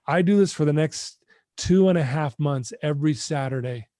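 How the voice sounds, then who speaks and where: A middle-aged man with a slightly higher voice than most men tells a personal story as a podcast guest. His manner is earnest and heartfelt, and he often turns to speak straight to the host. The sound is dry and close, with almost no room in it. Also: normal speed, warm tone, dry recording. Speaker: guest, addiction recovery mentor.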